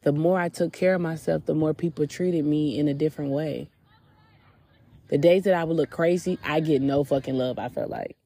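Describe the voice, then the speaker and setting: Woman podcaster, gravelly husky voice, candid personal testimony. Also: low voice, mellow. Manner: candid and reflective, with drawn-out pauses. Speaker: podcast host. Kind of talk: personal faith testimony monologue.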